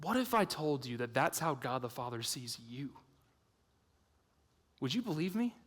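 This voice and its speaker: A man preaching an evangelistic sermon, swinging between hushed intensity and loud emphatic points, with chatty storytelling asides. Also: mid-range voice, sing-song, normal speed. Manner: conversational storytelling with fillers. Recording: long reverb of a large hall.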